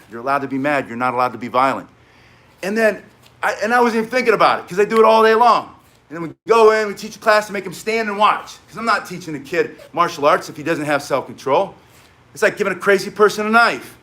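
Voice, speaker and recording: Man, high voice, blunt, emphatic, storytelling self-defense teacher. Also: sharp tone. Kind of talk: casual spoken teaching with stories.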